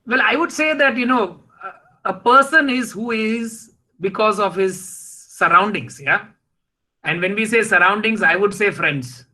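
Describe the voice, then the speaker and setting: Bright-voiced, impassioned man. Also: high-pitched, low-quality recording. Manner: emotional, rhetorical, halting restarts. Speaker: invited speaker. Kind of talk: impassioned motivational talk.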